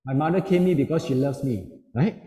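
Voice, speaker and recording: A man's voice: mid-range voice, fairly quick, warm tone. Brief man telling stories in echoey hall. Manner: storytelling, acting out quoted voices. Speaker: seminar speaker. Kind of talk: parenting seminar talk. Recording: echoey hall with long reverb.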